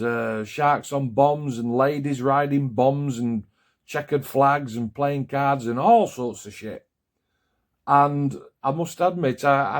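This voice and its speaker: A man talks through his scale model build in a loose, chatty vlog manner. His voice sits at an ordinary middle pitch, and he rambles, restarts and pokes fun at himself, with the occasional casual curse. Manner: rambling, self-deprecating, swears casually.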